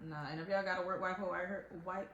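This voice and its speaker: Laughing, animated young woman co-host. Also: on the low side, fast talker, muffled recording. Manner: laughs often, animated storytelling. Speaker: podcast co-host. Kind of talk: casual chat. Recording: echoey room with faint noise.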